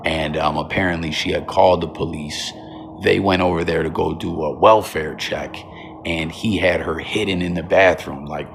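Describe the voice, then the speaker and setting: A man's voice: sits low, fairly even intonation, normal speed, gravelly, slight background noise. A man hosting a laid-back, slangy commentary on a news clip. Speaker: commentary host.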